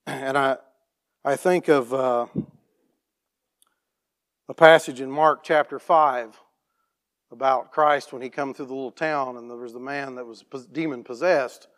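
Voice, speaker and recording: A plain-spoken man tells a church testimony story as a farm operator, restarting his sentences and clearing his throat often. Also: medium pitch, fairly even intonation, measured pace, pauses often, a bit bright.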